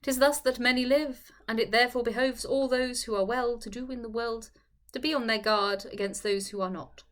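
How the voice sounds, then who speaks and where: Woman narrator, classic novel, measured, fairly high voice. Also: fairly even intonation. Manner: measured, formal storytelling. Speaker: audiobook reader.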